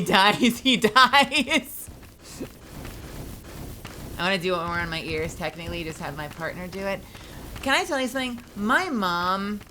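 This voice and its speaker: A woman's voice: lowish voice, a little hiss or hum. A woman livestreaming a game, chatting casually and swearing a lot as she tells stories and reacts to the play. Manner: profane, chatty storytelling; bursts into loud outrage during play. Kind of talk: casual live gameplay chat.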